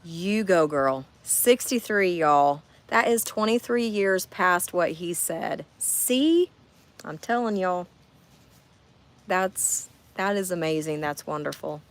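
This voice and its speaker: A woman in her 40s speaks slowly in a fairly low voice as she livestreams from her camper on a camping trip. She's chatty, reading out viewer comments and addressing her audience directly in casual conversation.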